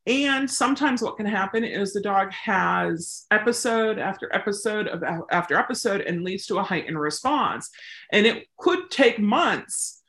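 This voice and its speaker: Chatty woman teaching dog training. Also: mid-range voice. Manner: chatty, animated, acts out examples. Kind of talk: casual teaching talk.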